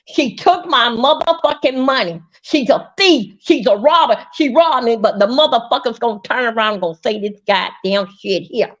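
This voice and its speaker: A woman's voice: fairly high pitch, expressive, normal speed, hardly any pauses, fairly bright tone. Furious, foul-mouthed woman ranting on a livestream. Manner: profane, angry, repetitive storytelling. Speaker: livestream host. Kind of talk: heated live-stream rant. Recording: dull lo-fi stream audio.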